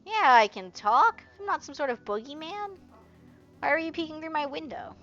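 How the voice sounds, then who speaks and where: A woman voicing a squeaky, cheeky young male mothman creature who teases and snaps back. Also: lively intonation, normal speed, fairly bright tone, lo-fi sound, soft background music. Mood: teasing.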